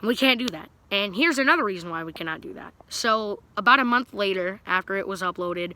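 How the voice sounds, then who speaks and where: A man's voice: high-pitched, expressive, fairly quick, sharp tone, slight background noise. A young man telling a story to his viewers in a rambling, casual way, full of fillers and restarts. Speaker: vlogger.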